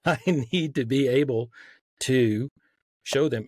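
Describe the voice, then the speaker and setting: A man's voice: medium pitch, takes it slowly, darkish tone, slightly rough. A man with a light Southern accent, a podcast guest explaining his argument earnestly, with frequent restarts. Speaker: guest author. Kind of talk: casual podcast conversation.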